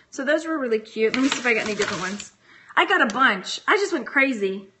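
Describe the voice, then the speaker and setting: A woman's voice: high voice, sing-song, quick pace, sharp tone, slight background noise. A woman from Texas chatting casually on a phone livestream, giggly and rambling as she talks to viewers. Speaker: reseller vlogger.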